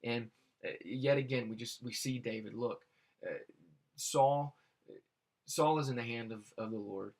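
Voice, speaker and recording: A man reading Bible verses aloud and explaining them in a halting way, with many fillers and restarts. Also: medium pitch, vocal fry, darkish tone. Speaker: Bible teacher.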